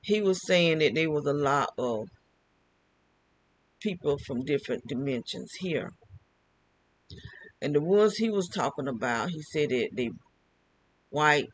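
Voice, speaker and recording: A man's voice: a little high, animated, measured pace, long pauses, low-quality recording. Older man rambling in a monologue. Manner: rambling, repeats phrases, restarts. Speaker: vlogger. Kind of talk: casual monologue.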